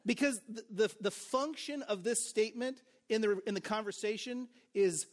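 A man's voice: high-pitched, moderate pace. A man preaching a sermon as pastor, in a casual, conversational way with joking asides, "like" and "right?".

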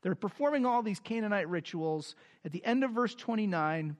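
Guy with a high voice preaching, um-ing through the explanations, reading bible verses with a lot of push. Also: lively intonation, normal speed. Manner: explains scripture with fillers, reads verses with rising emphasis. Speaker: pastor. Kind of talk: sermon.

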